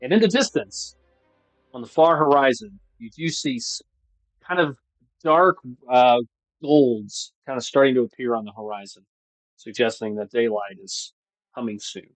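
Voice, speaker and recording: A man's voice: mid-range voice, moderate pace, no room sound, low-quality recording. Man narrating a tabletop game. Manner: descriptive, with frequent fillers and restarts. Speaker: game master. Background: faint music.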